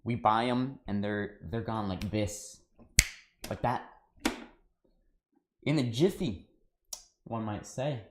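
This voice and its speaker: A fairly low-pitched American man on a livestream, talking casually to his chat as he cooks in his home kitchen. He rambles from one thought to the next and drops "dude" often. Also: steady tone, slow pace, very noisy. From United States. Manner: talks to chat while cooking. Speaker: cooking livestreamer.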